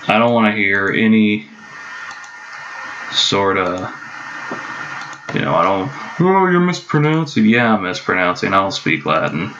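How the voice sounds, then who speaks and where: Gravelly, low-voiced man narrating his own gameplay; chatty, profane, self-amused; dull lo-fi mic with steady noise. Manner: chatty, swears, jokes to himself. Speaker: gameplay commentator. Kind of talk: casual let's-play commentary.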